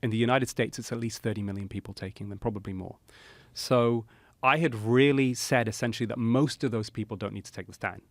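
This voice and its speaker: A middle-aged man, a cardiologist guest on a podcast, tells a story in an animated way, with many "you know" fillers. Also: mid-range voice, quick pace, no echo.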